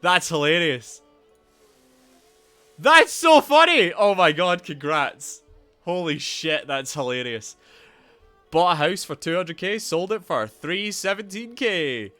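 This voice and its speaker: A young man live-streaming a game, chatting casually and loudly greeting viewers by name, with a rambling, swearing manner. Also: fairly high pitch, unhurried, no echo, soft background music. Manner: animated, loud greetings to viewers.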